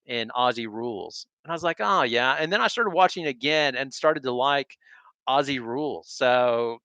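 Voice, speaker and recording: A man's voice: medium pitch, normal speed, bright, forceful tone, clean tone, dry recording. A middle-aged American man from Texas, hosting a casual sports stream with rambling, enthusiastic digressions. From Texas, USA.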